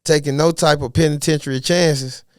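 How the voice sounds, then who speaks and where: A man talking as a podcast guest in a casual interview, animated and full of streetwise slang. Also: on the high side, moderate pace, no echo, clean studio sound. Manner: animated, streetwise slang, asks "you know what I mean". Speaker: podcast guest, golf caddie.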